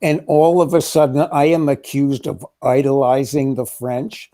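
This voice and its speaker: A man in a casual political chat, talking in a wry, measured, sardonic way. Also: mid-range voice, fairly even intonation, dark tone. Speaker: co-host.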